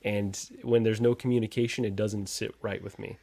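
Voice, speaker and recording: A man's voice: fairly low pitch, little pitch movement, normal speed, gravelly, dark tone, no echo. A man hosting a casual livestream chat, reading out viewer comments and trading sarcastic jabs with a laugh. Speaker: podcast host reading live chat.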